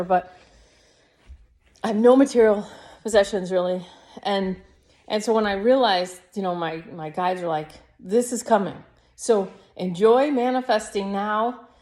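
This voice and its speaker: A woman's voice: medium pitch, darkish tone. A woman in her fifties, a yoga teacher, rambling reflectively through a personal video diary. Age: 50s.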